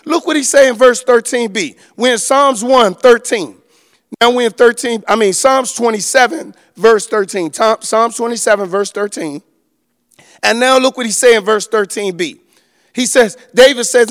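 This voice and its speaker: A male pastor preaching a sermon, stammering and repeating words as he builds from quiet storytelling to shouted preaching. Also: high voice, moderate pace. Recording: long hall reverb.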